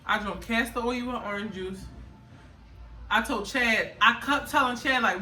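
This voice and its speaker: A young woman telling her birth story in casual storytime chat, animated and laughing often. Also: a little high, normal speed. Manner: animated, laughs often, loud acted outbursts. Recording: echoey room, mic a bit far.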